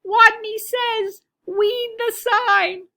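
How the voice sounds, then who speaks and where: Tiny shy boy rat, put on by a woman, squeaky, says w for r, slow, bright voice. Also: fairly even intonation, gravelly, heavily acted. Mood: timid. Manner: squeaky, swaps r sounds for w.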